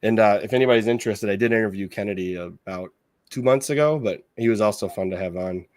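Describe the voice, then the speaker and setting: A man's voice: on the low side, fast, no echo. Chatty male podcast host, dry sound. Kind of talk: casual podcast conversation.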